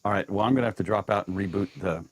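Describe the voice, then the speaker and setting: A man hosting a casual live-stream chat, steering the show between segments in a relaxed way. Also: lowish voice, very fast. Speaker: show host.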